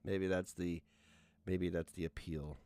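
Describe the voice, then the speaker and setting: A man's voice: deep voice, level tone, unhurried, darkish tone, smooth. A man livestreaming, ranting in casual, profane talk as he reacts to clips.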